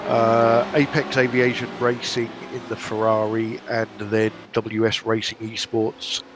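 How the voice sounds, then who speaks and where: A man's voice: fairly low pitch, monotone, a little slow. Man calling a race over hiss. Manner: observant, spotting and reporting cars. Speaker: race commentator. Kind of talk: live sim racing commentary.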